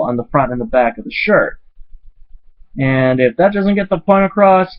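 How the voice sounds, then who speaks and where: A man's voice: mid-range voice, moderate pace, muffled recording. A man ranting bluntly in a vlog, exasperated and swearing now and then. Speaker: vlogger.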